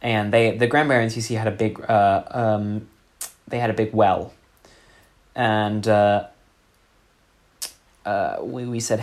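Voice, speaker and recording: A man telling a deadpan comic story in a rambling way, with many fillers. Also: lowish voice, takes it slowly, pauses often.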